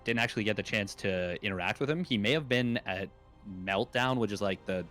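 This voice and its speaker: A man's voice: on the low side, brisk, fairly bright tone, soft background music. A young adult man casting an esports match in a casual, rambling way, with jokes and many fillers. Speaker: esports caster. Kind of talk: casual play-by-play commentary.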